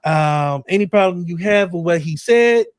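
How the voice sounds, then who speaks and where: A man's voice: high-pitched, animated, normal speed, clear, resonant tone, no echo. A man co-hosting a podcast, talking in a blunt, profane, joking way. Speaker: podcast co-host. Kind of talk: casual chat.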